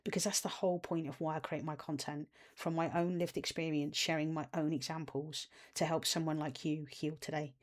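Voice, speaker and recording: A woman's voice: low voice, steady tone, fairly quick, few pauses. A woman, an inner-child coach, talking earnestly and encouragingly to her viewers. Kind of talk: self-help video talk to camera.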